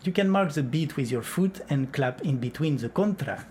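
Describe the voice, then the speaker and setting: A man's voice: fairly high pitch, animated, normal speed, loud music behind the voice. A man teaching flamenco rhythm and clapping, explaining step by step and counting beats aloud.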